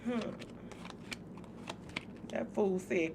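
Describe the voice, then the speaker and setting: A woman's voice: on the high side, expressive, slow pace, background noise. A woman hosting a spiritual channel, talking casually and bluntly to her viewers, joking and cursing freely. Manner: blunt, profane, joking, speaks straight to viewers.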